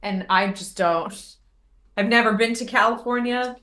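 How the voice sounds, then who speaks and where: A woman's voice: on the high side, normal speed, pushed and bright, slight background noise. A woman playing a tabletop game, chatting in a giggly, friendly way. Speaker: player. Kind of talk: casual chat during a tabletop game. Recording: roomy, echoey room.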